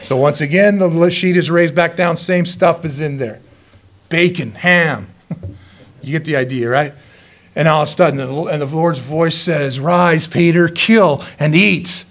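A male pastor preaching a sermon in a folksy, joking way, telling stories lively and chuckling often. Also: on the high side, moderate pace. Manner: lively storytelling.

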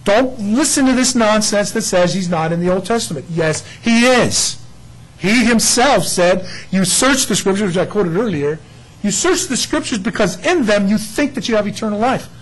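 A man preaching a sermon, emphatic and animated, often voicing God's words in quick asides. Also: high-pitched, low-quality recording. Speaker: pastor.

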